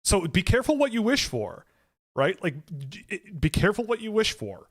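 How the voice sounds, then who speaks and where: A man with a slightly higher voice talks through a casual live stream in a loose, rambling way. He stops and restarts often and fills the gaps with "like" and "um". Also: wildly swooping pitch, moderate pace. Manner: rambling, self-correcting, many fillers. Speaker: hockey draft analyst hosting a live stream.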